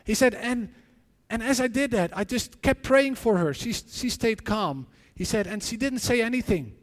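High-pitched guy preaching, halting, keeps restarting, big echoey hall. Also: animated. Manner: earnest, halting storytelling with frequent restarts and repeated words. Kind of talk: sermon with personal stories and prayer. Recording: long reverb of a large hall.

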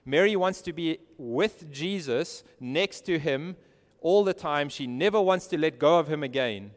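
A man's voice: fairly high pitch, expressive, unhurried, big-room sound. A man preaching a sermon earnestly, asking his listeners direct questions. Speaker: pastor.

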